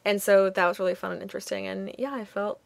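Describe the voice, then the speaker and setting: A woman's voice: mid-range voice, flat delivery, fast talker, vocal fry, dry recording. A young woman with a Minnesotan accent, co-hosting a podcast in casual chat, gushing and giggly with lots of fillers. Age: young adult. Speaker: podcast co-host.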